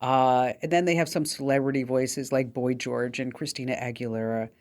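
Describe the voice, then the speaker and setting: A woman's voice: rumbling low, steady tone, normal speed, darkish tone. A woman radio host gives tech tips in a casual, chatty way. She keeps her tone upbeat and loose and leans on plenty of fillers as she talks listeners through each tip. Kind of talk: casual call-in radio talk.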